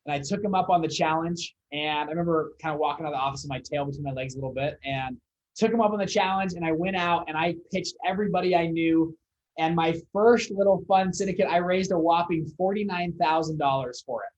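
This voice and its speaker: A young man, a fund founder, telling his story as a podcast guest in a casual, animated way with laughs and fillers. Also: fairly high pitch, fast, rough recording.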